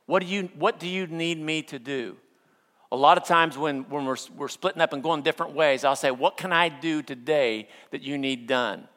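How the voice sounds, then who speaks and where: A man's voice: a little high, fairly bright tone. Man, pastor, sermon, middle-aged, humorous storyteller, long church reverb. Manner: storytelling with playful humor, acting out quotes; slows down for earnest points.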